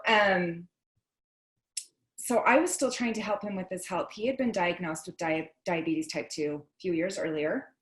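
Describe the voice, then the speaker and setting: A woman's voice: medium pitch, roomy sound. A woman telling her personal story on a video call, chatty and full of fillers and restarts.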